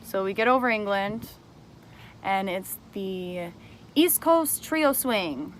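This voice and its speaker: In a slow, mid-range voice with a little hiss or hum behind it, a young woman gives emotional testimony straight to the camera. She opens by angrily accusing someone over a personal grievance, then explains her version of events more calmly.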